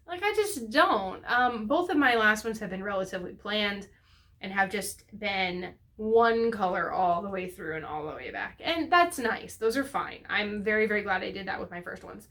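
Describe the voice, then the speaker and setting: A woman's voice: mid-range voice, expressive, normal speed, a bit bright. A woman hosting a knitting podcast, chatting casually and rambling with many fillers and self-corrections. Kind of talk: casual chat to camera.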